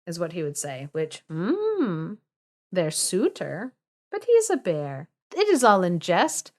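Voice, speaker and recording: A young woman co-hosting a podcast, casually retelling a fairy tale with lots of fillers, laughter and animated asides. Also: fairly low pitch, slow pace. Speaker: podcast co-host.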